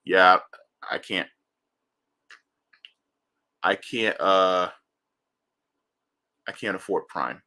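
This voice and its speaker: A man hosting a casual commentary show, animated and excitable, who jokes and swears casually. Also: low-pitched, very slow, long pauses. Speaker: show host.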